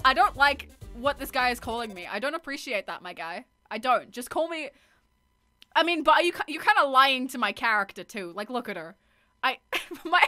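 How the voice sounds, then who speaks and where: A young woman streaming a video game, excitable and chatty, laughing and swearing often. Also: high-pitched, moderate pace, soft background music. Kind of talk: casual gaming stream.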